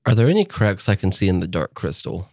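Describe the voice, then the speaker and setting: A man's voice: deep voice, sing-song, fast, a little mellow, no echo, clean studio sound. A man playing a tabletop game, casually talking through tactics and plans for the group. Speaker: player.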